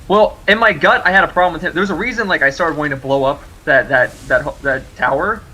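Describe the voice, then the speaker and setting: A man with a bright, slightly raised voice chats as a player at a tabletop game. He rambles, circling back and repeating himself as he talks. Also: fairly high pitch, fast talker, slight background noise, poor audio. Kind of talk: casual chat at a tabletop game.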